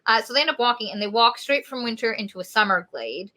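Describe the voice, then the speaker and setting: A podcast co-host with a high, animated voice and a sharp tone talks fast as she casually recaps a novel's plot. In this relaxed book review chat, she acts out the characters' lines herself.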